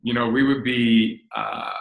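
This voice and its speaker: A man's voice: medium pitch, measured pace, creaky, echoey room, poor audio. A man in his forties from New Jersey, hosting a casual chat and candidly telling stories from his relationship. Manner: candid, animated storyteller. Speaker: host.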